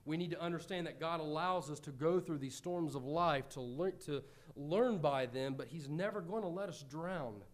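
A middle-aged American man preaching a sermon, earnest, moving between loud pleading and quiet reflection. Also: on the high side, normal speed, hardly any pauses.

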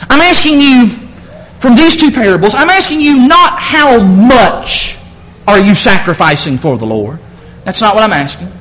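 A man preaching a sermon in church, fervent, swinging from low, intense talk to shouted exclamations. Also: low-quality recording.

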